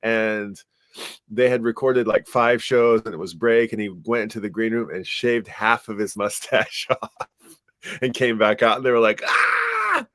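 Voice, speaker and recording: A middle-aged man co-hosting a podcast, telling stories in a rambling, animated way with lots of fillers. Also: on the low side, moderate pace, dry recording, studio quality. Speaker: podcast co-host. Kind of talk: casual chat.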